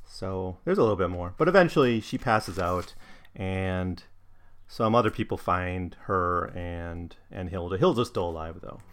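A man talking through a novel chapter by chapter in a relaxed, conversational way. He pauses often with ums and restarts his sentences as he thinks. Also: deep voice. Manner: thoughtful, with frequent ums and restarts. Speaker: book reviewer. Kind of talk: casual book discussion and reading aloud.

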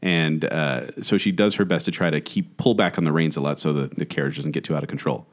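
A man's voice: a bass voice, brisk. A man co-hosting a podcast, chatting casually with friends and laughing often. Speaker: podcast co-host. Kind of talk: casual panel chat.

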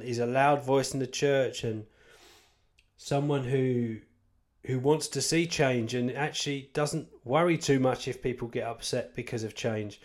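A man's voice: mid-range voice, a little mellow. Candid man giving a rambling church talk. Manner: rambling, candid, self-deprecating asides. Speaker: Christian author and speaker. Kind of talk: informal video talk on church life.

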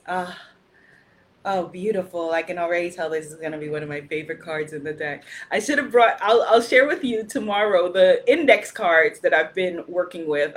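A woman hosting a live spiritual circle, loud and exuberant, repeating affirmations, then turning slow and hushed when she speaks reverently. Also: lowish voice. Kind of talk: live-streamed spiritual talk.

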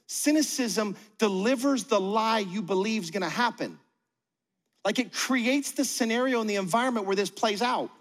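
Pastor preaching in a reverberant hall. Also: male voice, high-pitched. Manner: conversational, acts out quoted voices. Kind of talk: sermon. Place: church auditorium.

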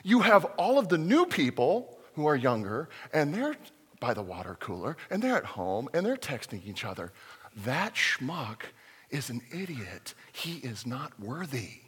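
A man preaching a sermon as a pastor, lively and joking, with acted-out quotes. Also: mid-range voice, measured pace, husky, in a large hall.

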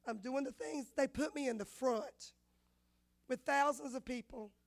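Woman pastor in her fifties, high bright voice, lively sermon storyteller. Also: unhurried, gravelly. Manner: animated storyteller, acts out dialogue. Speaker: women's pastor.

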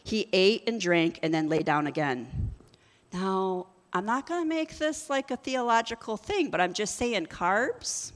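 A woman's voice: on the high side, big pitch swings, measured pace, big-room sound. Woman preaching with joking asides. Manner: casual, joking asides between scripture reading. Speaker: pastor. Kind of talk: sermon.

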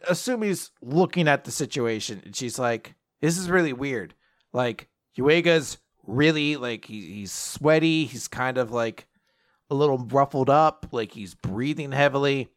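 A man's voice: mid-range voice, fairly bright tone. A man casually recapping an anime episode with a co-host, laughing and acting out the characters' lines. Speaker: podcast co-host.

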